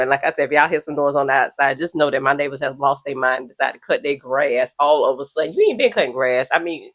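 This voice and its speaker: A woman's voice: a bass voice, quick pace, few pauses, highs cut off. A woman hosting a commentary video from her room at home, talking bluntly and with exasperation in slangy casual speech. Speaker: host reacting to stories.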